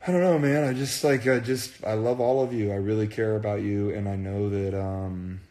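A man's voice: fairly low pitch, little pitch movement, normal speed, dark tone, echoey room. A man chatting casually on a phone livestream, earnest and rambling, often repeating himself. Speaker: band frontman on a livestream.

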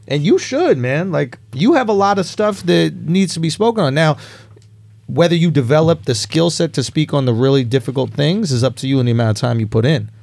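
A man's voice: on the high side, gravelly, darkish tone, no echo. A man hosting a casual podcast chat, animatedly breaking down how comedy works. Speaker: podcast host.

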